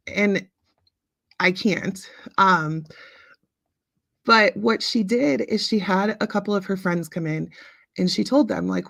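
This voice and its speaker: Late-30s woman host, chatty, lots of ums, bit of fry in her voice, dry mic. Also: on the low side, measured pace, a bit bright, no echo. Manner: chatty, reads out viewer comments, frequent ums. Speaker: livestream host. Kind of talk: casual chat with live viewers.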